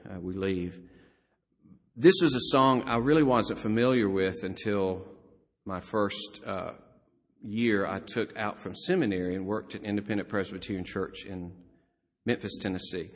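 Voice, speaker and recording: A man preaching a sermon as a pastor, lively with joking asides and chuckles. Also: on the low side. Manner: animated, joking asides with laughs. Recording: long hall reverb.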